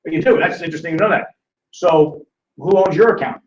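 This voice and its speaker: A man's voice: on the high side, a little fast, a little mellow. A man hosting a live financial seminar, telling stories with acted-out voices and calling on audience members by name. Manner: acts out quoted voices in storytelling. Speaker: seminar host. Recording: roomy, distant, dull lo-fi.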